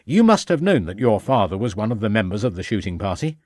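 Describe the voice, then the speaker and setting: A firm, probing inspector, as read by a man who presses his questions hard and gives orders without hesitation. His delivery rises and falls with lively emphasis, recorded close and completely dry. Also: fairly low pitch, moderate pace, no echo. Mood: pressing. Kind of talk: audiobook character voice.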